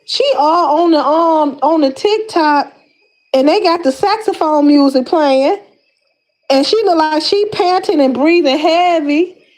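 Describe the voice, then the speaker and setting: Lifting weights and a bit winded, a Detroit woman chats casually on her YouTube commentary channel in a high, slangy voice. She addresses viewers directly, energetic and exclamatory, repeatedly looping back to the same words.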